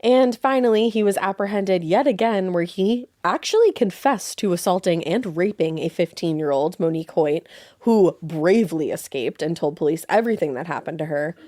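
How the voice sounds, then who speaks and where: A woman's voice: on the low side, animated, moderate pace, warm tone, dry recording, studio quality. A woman co-hosting a true-crime podcast, chatting casually and swearing with a wry edge. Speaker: podcast co-host.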